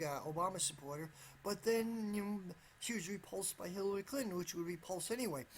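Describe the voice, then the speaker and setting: A man's voice: high-pitched, slight background noise. A man giving solo political commentary, rambling and hedging, often restarting his sentences and stressing his points over and over. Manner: rambling, with frequent restarts and repeated "absolutely"; careful, hedging tone.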